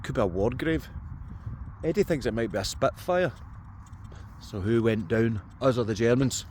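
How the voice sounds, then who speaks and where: Talking straight to viewers, a Scotsman cracks jokes while metal detecting in open farm fields for a relaxed outdoor vlog. He speaks at medium pitch and a moderate pace, his tone somewhat dark. A little hiss or hum runs underneath.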